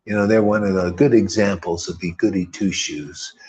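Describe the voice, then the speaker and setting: A man with a low, steady, darkish voice preaches at normal speed, casual and fervent as he rambles. The spiritual teacher sprinkles in slang and mocks others by quoting them in put-on voices.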